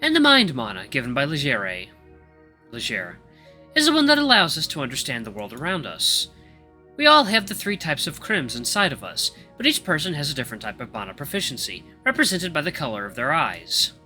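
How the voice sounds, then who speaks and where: A man voicing a young male wolf grandmaster who lectures in a calm, monotone way. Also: fairly high pitch, brisk, faint music behind, full character voice. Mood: lecturing.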